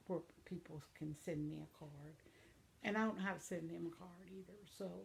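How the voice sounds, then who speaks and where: Older female vlog host, low and gravelly, rambling and chatty, reads viewer comments. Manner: warm, rambling, laughs often. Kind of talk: casual chat reading viewer comments.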